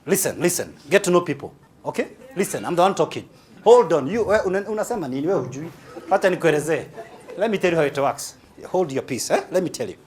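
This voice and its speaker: Bossy domineering Kenyan man, put on by a speaker, high voice, curt orders. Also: animated, quick pace, a little mellow, natural voice. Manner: curt, commanding interruptions.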